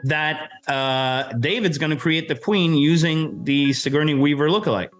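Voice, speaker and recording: A man's voice: on the high side, moderate pace, a bit bright, soft background music. Emphatic man arguing in casual debate. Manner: emphatic, swears casually, argues point by point. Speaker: co-host debating a film.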